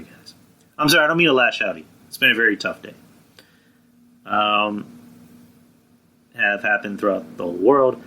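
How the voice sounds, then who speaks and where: A man's voice: mid-range voice, pushed and bright, a little hiss or hum, poor audio. A man hosting a live wrestling stream, rambling in a casual, profane way and answering viewers in the chat. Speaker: podcast host.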